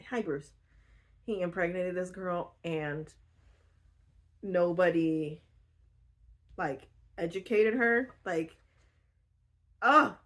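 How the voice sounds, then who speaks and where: A woman casually retelling a book, animated and indignant, laughing easily. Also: lowish voice. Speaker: book vlogger.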